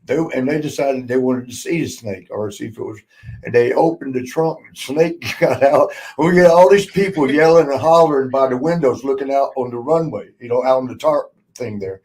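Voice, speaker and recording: Talking fairly quickly in a medium pitch, this man is a former wrestler hosting a podcast. His road stories come out in relaxed chat full of laughter, swearing, and animated quoted dialogue.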